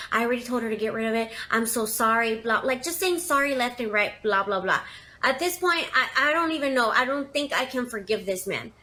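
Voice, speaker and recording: Bright, chatty young woman telling a story. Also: fairly high pitch. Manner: chatty, dramatic, many fillers. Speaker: confession storyteller. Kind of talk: casual first-person storytelling.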